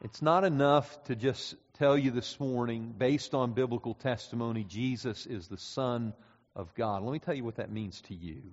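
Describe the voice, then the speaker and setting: Pastor preaching in a reverberant hall. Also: male voice, medium pitch. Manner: swings from hushed and slow to loud climactic preaching. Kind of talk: sermon. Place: church sanctuary. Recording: dull sound with long reverb in a hall.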